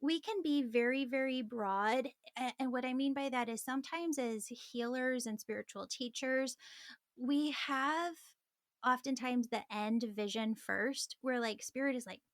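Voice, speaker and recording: A woman, a spiritual medium appearing as a guest, calmly explaining messages she receives during a reading. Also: sits high, unhurried, no echo, studio quality.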